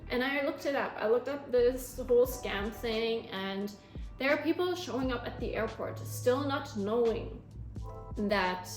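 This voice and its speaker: A young woman vlogger telling her own story with animated feeling, with a turn of phrase. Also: a little high. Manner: emotional, animated storytelling, close to tears at times. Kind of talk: storytelling vlog. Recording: echoey room with faint music.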